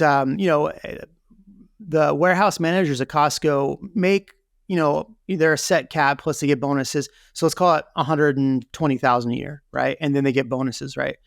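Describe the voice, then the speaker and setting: Interview guest, male, gravelly tone, candid and chatty, dry sound. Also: a little high, no echo. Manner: candid, lots of fillers like "you know" and "right?". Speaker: real estate team leader, guest. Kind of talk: conversational interview storytelling.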